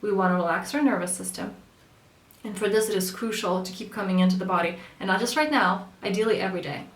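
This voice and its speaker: A woman's voice: medium pitch, fast. A woman coaching in an earnest, conversational way, sometimes acting out the voices of people she quotes. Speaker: spiritual coach. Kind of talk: casual spoken coaching talk. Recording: echoey room, mic at a distance.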